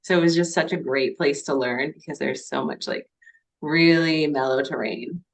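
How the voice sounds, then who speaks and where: A woman coach as a podcast guest, talking in a relaxed, upbeat way with many fillers. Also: low voice, normal speed. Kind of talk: casual podcast chat.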